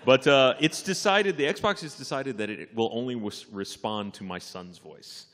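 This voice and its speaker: A man's voice: mid-range voice, moderate pace, fairly bright tone. A man co-hosting a live convention panel, chatting casually with a wry humor. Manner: wry, acts out gadgets' sounds. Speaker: podcast co-host on a live panel. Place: convention hall stage. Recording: live panel in a reverberant hall.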